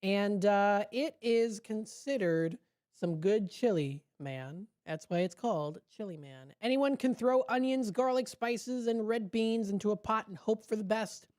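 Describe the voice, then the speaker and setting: A woman radio host chats through a food segment in an easygoing, upbeat way, quick to laugh at her own puns. Her voice sits at an ordinary pitch with a mellow, warm tone. She is close on a studio microphone. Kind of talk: casual radio chat segment.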